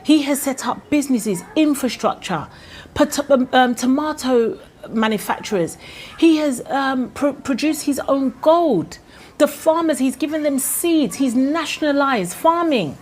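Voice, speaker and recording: A woman with a Ghanaian accent speaks on her vlog, fired up and indignant, firing off rhetorical questions. Her voice sits somewhat high. A faint background hiss runs under her words. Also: lively intonation, unhurried, a little mellow. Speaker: vlogger. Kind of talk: impassioned opinion vlog.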